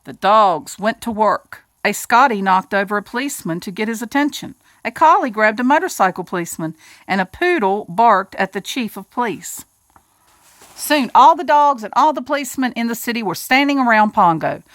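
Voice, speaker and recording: A woman reads a children's storybook aloud in a lively, sing-song way, her pitch leaping high for the characters. Her voice sits a bit high, and the recording is dry and close. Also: moderate pace, no echo. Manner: animated, doing character voices and adding asides to listeners. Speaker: storybook reader. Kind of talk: reading a children's picture book aloud.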